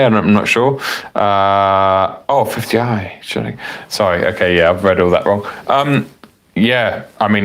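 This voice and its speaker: Casting note: low-voiced man hosting a live car Q&A, loose and chatty, a bit tipsy. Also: a bit bright. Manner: rambling, self-correcting, chatty with frequent fillers. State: tipsy from wine. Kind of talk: casual live-stream chat reading viewer comments.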